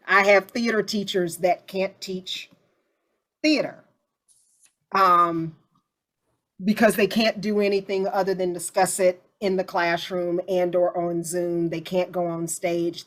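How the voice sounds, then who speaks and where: A woman hosting a casual group discussion, chatty and animated as she tells stories. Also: on the low side.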